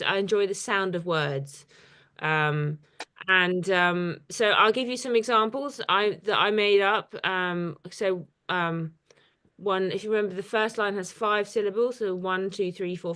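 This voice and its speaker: Over a video call, a woman artist runs a casual poetry workshop, her mid-range voice a bit bright. She's chatty but hesitant, filling her speech with ums.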